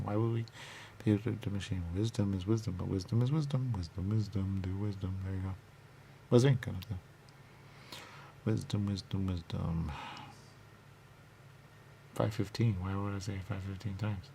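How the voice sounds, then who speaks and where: A low, gravelly man wanders through a rambling back-and-forth with himself. He repeats words over and over and sometimes drops into a whisper. A faint hiss sits under the recording. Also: normal speed, pauses often, warm tone. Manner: circular, repetitive musing with sudden whispers. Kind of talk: rambling self-dialogue, asking and answering himself.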